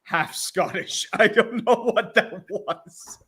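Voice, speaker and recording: A man's voice: sits high, takes it slowly, pushed and bright, breathy edge. A young man co-hosting a sports podcast, making offhand jokes. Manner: joking, offhand. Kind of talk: casual sports chat.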